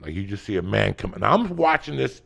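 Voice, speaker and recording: A man, hosting a podcast and telling a story loudly, swearing constantly and acting out every voice. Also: fairly low pitch, fairly quick, gravelly. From North Bergen, New Jersey. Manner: loud, animated, swears constantly, acts out every voice. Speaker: podcast host. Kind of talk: profane storytelling in casual chat.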